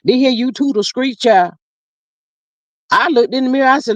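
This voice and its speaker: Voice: mid-range voice, normal speed, no echo. A live stream host reading viewer comments aloud in casual, sassy chat full of endearments. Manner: animated, sassy, drawling endearments. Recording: dull lo-fi dry audio.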